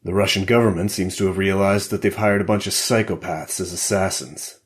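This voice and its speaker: A man's voice: low voice, steady tone, a little fast, natural voice. A man voicing a hardened ex-intelligence operative in a thriller audiobook, clipped and matter-of-fact. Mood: grim. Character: hardened male ex-CIA operative, grim and cold.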